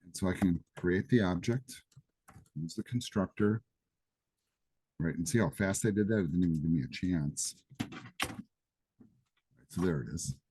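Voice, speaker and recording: A man's voice: deep voice, unhurried, pauses often, dark tone, slightly rough. A man teaching a live programming class, chatty and casual with asides. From Greece. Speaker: programming instructor. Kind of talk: live class lecture with coding demo. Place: classroom or office during live session.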